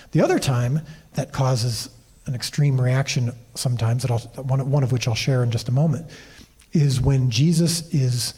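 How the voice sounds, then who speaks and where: A man tells animated anecdotes as a guest on a convention stage, often restarting his sentences. His voice is mellow and a little husky. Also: medium pitch. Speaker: TV series creator and director, interview guest. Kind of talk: storytelling interview on a convention stage.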